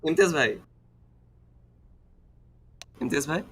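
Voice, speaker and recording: A young man casting an online shooter match, excitable and playful, bantering with his co-caster. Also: mid-range voice, a little slow, long pauses. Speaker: esports caster. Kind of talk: play-by-play commentary. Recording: faint game noise behind.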